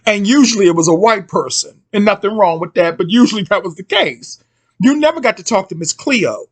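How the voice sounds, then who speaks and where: Chatty middle-aged man, slightly high voice. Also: lively intonation, fairly quick. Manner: chatty, rambling, slangy asides. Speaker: host. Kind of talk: casual commentary monologue.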